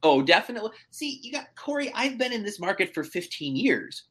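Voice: mid-range voice, very animated, fairly quick, a bit bright, husky. A real estate agent chatting casually as a podcast guest, telling stories animatedly with many fillers and restarts.

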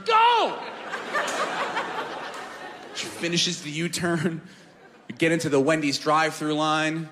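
A man doing a stand-up comedy set, animated, swinging from loud shouted bits to low mumbles. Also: in a large hall.

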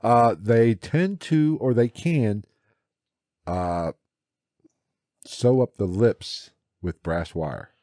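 A man's voice: on the low side, animated, drawn-out words, long pauses, mellow, no echo, clean studio sound. A man hosting a casual podcast, explaining things step by step and laughing along. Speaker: podcast host.

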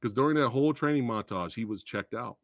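A man hosting a podcast, excitedly chatting about films, swearing often and acting out favorite movie lines. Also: mid-range voice, quick pace, dry recording. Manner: excitable, profane, acts out movie quotes. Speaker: podcast host. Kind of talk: casual movie chat.

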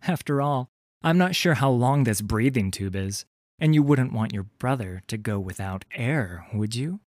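A man's voice: medium pitch, lively intonation, measured pace, dry recording, studio quality, close to an everyday voice. A man voicing a cool, taunting female pirate bounty hunter with a wry, teasing manner.

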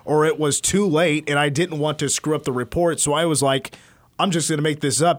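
Sports talk guy telling stories, kinda high voice, dry studio sound. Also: a little fast, no room sound. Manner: storytelling, animated retelling. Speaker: sports radio host.

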